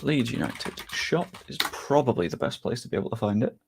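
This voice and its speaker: A man's voice: medium pitch, very animated, a little fast, gravelly, a little hiss or hum. A young man, chatting casually to his live-stream viewers before a football match, reading chat aloud and joking at his own expense. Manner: chatty, self-deprecating, reads chat aloud.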